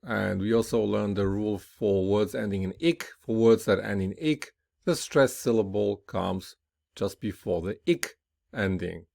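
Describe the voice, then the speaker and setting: In a lowish, slightly mellow voice, a male teacher works slowly and deliberately through the rules of English pronunciation. He frequently asks "right?" and voices word pairs with clear, emphatic stress.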